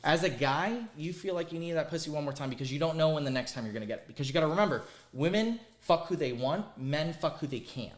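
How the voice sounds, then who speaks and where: Crude, animated man telling stories. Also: fairly high pitch, fast, hardly any pauses, reverberant. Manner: crude, animated, emphatic storyteller. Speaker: podcast host. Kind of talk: casual storytelling chat.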